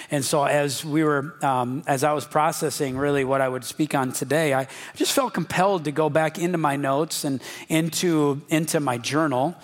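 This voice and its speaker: A man preaching a sermon as a pastor, informal and joking, speaking straight to his congregation. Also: medium pitch.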